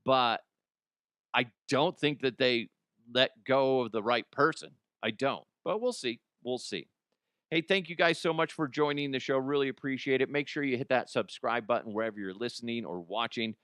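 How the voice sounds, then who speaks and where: A man hosts a solo sports podcast, ranting bluntly and opinionatedly while swearing freely, often restarting and repeating words. His voice sits in the mid range with a fairly bright tone and a moderate pace. The recording is dry and studio quality.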